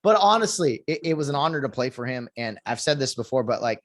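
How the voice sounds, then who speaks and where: A man's voice: mid-range voice, very animated, fast talker, slight background noise. Young man, mid-range voice, chatty podcast host who laughs a lot. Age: young adult. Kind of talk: casual interview chat.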